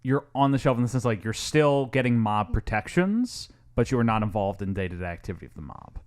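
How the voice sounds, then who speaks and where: A man hosting a casual podcast chat, lively and laughing often, mimicking lines from a film. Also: on the low side, fairly quick. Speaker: podcast host.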